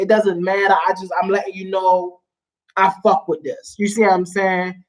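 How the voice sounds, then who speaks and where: Animated woman telling stories. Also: mid-range voice, normal speed. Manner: animated storyteller, emphatic slang-heavy talk. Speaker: guest. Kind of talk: casual chat.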